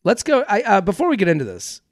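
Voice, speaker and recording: A man hosting a comedic advice podcast, ranting in an animated and profane way. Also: high voice, fast talker, no echo, studio quality. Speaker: podcast host.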